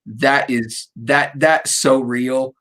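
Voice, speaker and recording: A middle-aged man hosting a casual interview, rambling warmly through personal stories and cracking jokes. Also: medium pitch, fairly even intonation, very slow. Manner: rambling, storytelling, jokey. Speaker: radio show host.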